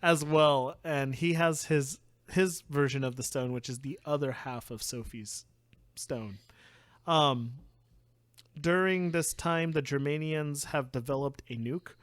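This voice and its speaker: A man's voice: a little high, fairly bright tone, dry recording. Chatty young man retelling a story. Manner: laughs often, acts out characters in quick bits. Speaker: podcast co-host. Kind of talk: casual anime recap chat.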